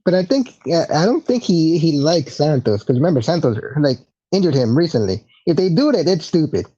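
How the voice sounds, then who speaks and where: Husky, mellow podcast co-host. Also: mid-range voice, big pitch swings, brisk. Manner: laughs often, casual and profane. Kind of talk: casual wrestling podcast chat. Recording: muffled lo-fi audio.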